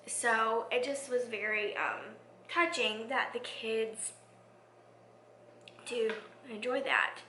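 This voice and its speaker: Woman teacher reflecting on her class, soft heartfelt voice that almost whispers, kinda high, echoey room. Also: fairly even intonation, slow pace, long pauses, a little hiss or hum. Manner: soft and heartfelt, often sinking to a near whisper. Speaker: schoolteacher. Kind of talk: reflective vlog talk.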